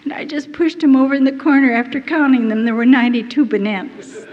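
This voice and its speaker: A woman with a high, darkish voice speaks quickly as she tells an audience her own story in an earnest, emotional testimony. The hall recording is dull and lo-fi, with faint noise.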